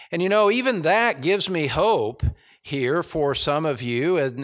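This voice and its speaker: A man with an American accent preaching a sermon as pastor, deliberate and emphatic, building in intensity. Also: on the high side, fairly bright tone.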